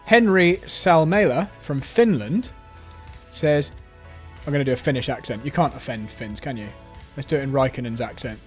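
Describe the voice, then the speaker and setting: A man's voice: mid-range voice, normal speed. A man hosting a live stream, reading viewer comments aloud and joking about them. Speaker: stream host reading chat. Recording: intro music behind.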